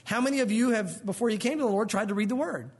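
A man preaching a sermon, his voice high and a little husky. He talks in an animated way and slips into the voices of the people in the stories he tells. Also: fast. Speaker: pastor.

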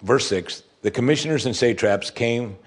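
A man preaching from the pulpit, reading passages aloud and then pressing his points home with growing emphasis. His voice has a husky, slightly breathy grain at an ordinary pitch for a man. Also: normal speed. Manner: reads scripture aloud and comments with rising emphasis. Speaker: pastor. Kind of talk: sermon.

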